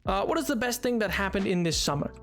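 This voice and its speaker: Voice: medium pitch, animated, fast, faint music behind. A livestreamer chatting casually while gaming, rambling with lots of restarts and filler words.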